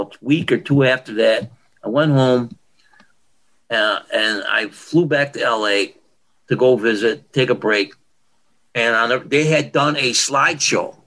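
An older man recounting contest memories in an animated, expressive way. He acts out the voices of the people in his stories. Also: medium pitch, rough recording. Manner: animated storyteller acting out quotes. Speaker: guest, former pro bodybuilder. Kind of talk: storytelling interview.

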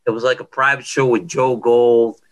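Animated man telling stories. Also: mid-range voice, moderate pace, low-quality recording. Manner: animated storyteller acting out quotes. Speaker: guest, former pro bodybuilder. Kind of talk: storytelling interview.

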